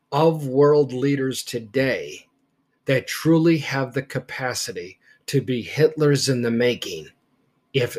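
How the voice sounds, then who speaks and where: A man teaching history in a podcast lecture, speaking emphatically and deliberately and stressing key words. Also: mid-range voice.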